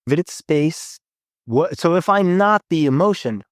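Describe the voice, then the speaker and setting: A man's voice: on the high side, expressive, unhurried, no echo. Earnest, affirming man on a dry mic. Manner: earnest and affirming, repeats key phrases, swears casually. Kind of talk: casual spiritual recovery conversation.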